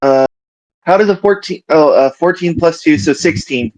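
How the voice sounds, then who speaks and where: A man's voice: on the high side, normal speed, a little mellow, poor audio. A man playing a tabletop game, chatting casually and rambling as he searches for words. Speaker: player.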